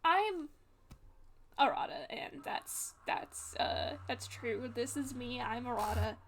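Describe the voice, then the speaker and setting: A woman playing a gentle young man in a role-play, speaking softly and haltingly with many fillers. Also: fairly high pitch, animated, a little hiss or hum. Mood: explaining. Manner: soft, hesitant, many fillers. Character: gentle reassuring young man, secretly not human.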